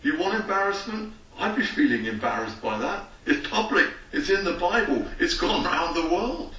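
This man's voice sits high and moves at a moderate pace, recorded far from the mic with roomy echo. He preaches as a rabbi, reading scripture before dramatizing imagined conversations in spirited voices.

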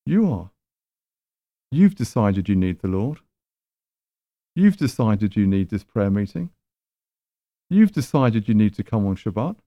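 A man's voice: on the low side, very animated, unhurried, pauses often, warm tone, no echo, lo-fi sound. A man preaching a sermon in a conversational, emphatic way, with rhetorical questions.

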